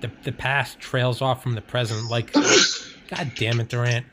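A man's voice: medium pitch, fairly even intonation, measured pace, background noise. A young man hosting a podcast in casual chat, rambling and swearing, laughing often. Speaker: podcast host.

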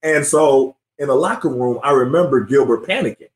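With a medium-pitched voice at a moderate pace, a former NBA player in his forties hosts a casual sports interview. Energetic anecdotes from his past fill the conversation, punctuated again and again by "you know what I mean?", all in a room with echo.

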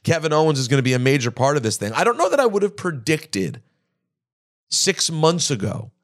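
A man's voice: on the high side, sing-song, a little fast. A man co-hosting a podcast, chatting casually and thinking aloud with fillers and restarts. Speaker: podcast co-host. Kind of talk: casual chat.

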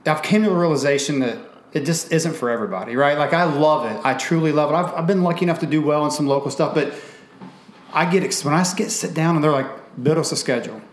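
A man's voice: a little high, fast talker, roomy sound. A man who organizes a fishing league, talking casually and enthusiastically, rambling with frequent restarts. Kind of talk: casual chat.

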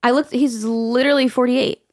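A woman's voice: fairly high pitch, steady tone, moderate pace, a little mellow, dry recording. A woman co-hosting a podcast, chatting casually and reading listener emails aloud, swearing freely and laughing often. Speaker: podcast co-host.

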